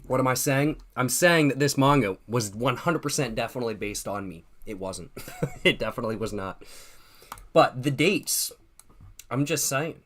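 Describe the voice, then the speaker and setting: Sitting at home with a drink, a young man runs a casual stream, reading comments and chatting in a profane, slangy, loose manner, laughing and repeating himself. His mid-range voice is a bit bright, with lively intonation at a normal pace.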